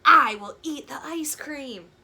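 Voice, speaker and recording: Gerald, a woman doing an excitable elephant. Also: a little high, slow pace, full character voice. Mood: deciding. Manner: gushing, torn between greed and kindness. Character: eager excitable young male elephant. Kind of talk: picture-book read-aloud voice.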